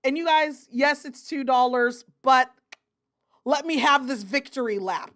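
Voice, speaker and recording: Bubbly, high-voiced woman streamer. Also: measured pace. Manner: chatty and excitable, with loud happy outbursts; apologetic and rambling, with many fillers. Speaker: livestream host reading viewer chat. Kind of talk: casual live-stream chat.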